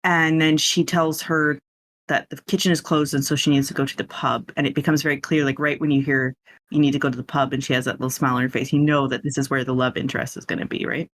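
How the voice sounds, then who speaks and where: A man's voice: mid-range voice, level tone, fast, a bit bright. A man hosting a podcast, casually recapping a film in a chatty, rambling way with lots of asides. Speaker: podcast host.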